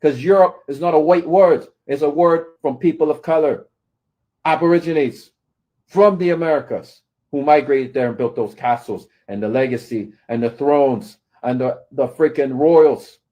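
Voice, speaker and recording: A man's voice: fairly high pitch, normal speed, warm tone. A man ranting at his critics, scolding and taunting them and often asking "right?". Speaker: commentator. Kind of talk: confrontational rant to camera.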